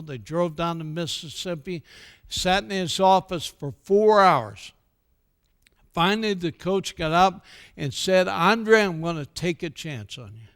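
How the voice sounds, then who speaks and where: An older American man, speaking in a fairly high voice, tells stories to a church gathering. He acts out each quoted exchange, and his talk drifts into a warm, sermon-like message. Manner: animated storyteller who acts out quoted dialogue. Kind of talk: storytelling speech with a sermon tone.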